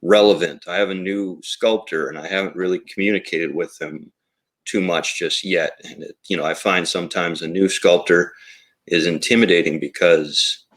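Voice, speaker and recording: Low-pitched male toy maker, reflective and rambling, casual interview guest. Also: a bit bright. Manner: rambling and reflective, with many fillers. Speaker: toy company co-founder. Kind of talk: casual podcast conversation.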